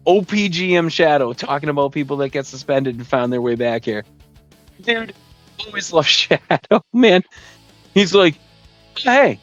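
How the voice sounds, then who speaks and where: A man's voice: a little high, dry recording, muffled recording. A man hosting a podcast from his basement, ranting with profanity in a casual, rambling way and acting out his friends in put-on voices. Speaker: podcast host. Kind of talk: casual comedic rant. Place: home basement gaming room.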